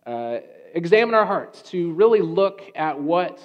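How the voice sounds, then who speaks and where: A man's voice: on the high side, sing-song. Pastor man telling a story, lo-fi. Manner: conversational, with restarts and pauses. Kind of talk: sermon storytelling. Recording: dull lo-fi sound.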